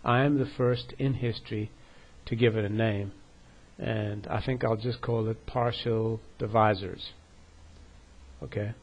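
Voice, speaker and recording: A man's voice: on the low side, steady tone, measured pace, lo-fi sound. A man hosting a math video channel, lecturing in a scornful, combative way, out of breath and often asking "okay?". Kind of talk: lecture-style video commentary.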